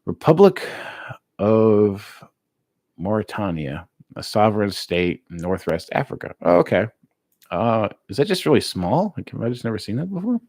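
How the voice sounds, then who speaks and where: An American man casually chatting with his live-stream viewers, relaxed and laughing easily, with plenty of filler words. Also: lowish voice, normal speed, dry recording, clean studio sound. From United States. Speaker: streamer reading live chat.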